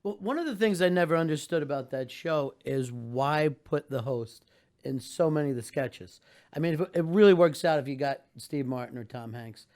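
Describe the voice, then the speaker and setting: An older man hosts a casual interview, easygoing and quick to laugh along. His voice sits somewhat high, and his questions run long. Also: darkish tone. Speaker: interviewer host.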